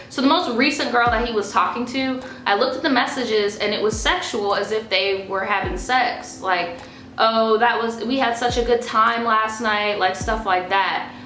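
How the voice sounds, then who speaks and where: A woman's voice: medium pitch, bright, forceful tone, a little hiss or hum. A young woman vlogger telling a personal story in a blunt, profane, casual way, acting out what was said. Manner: blunt and profane, acting out quoted lines with rising emotion. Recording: echoey room with faint music.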